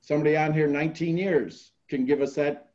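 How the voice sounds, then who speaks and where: A man leads a group call with earnest motivational coaching, coming back again and again to his key phrases. His voice sits a little high, and the recording sounds dull and lo-fi. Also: steady tone, fairly quick, darkish tone.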